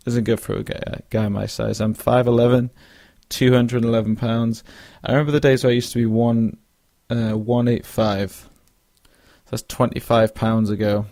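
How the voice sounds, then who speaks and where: A young man hosts a casual solo podcast, drowsy and yawning now and then as he rambles with many fillers and restarts. His medium-pitched voice is creaky and mellow, level in tone and moderate in pace, with a dry, clean studio recording.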